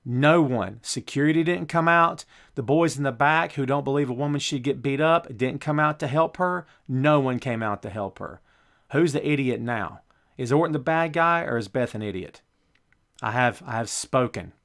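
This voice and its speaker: A man's voice: medium pitch, normal speed, fairly bright tone. A man hosting a wrestling talk show, giving blunt, opinionated commentary full of rhetorical questions. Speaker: show host.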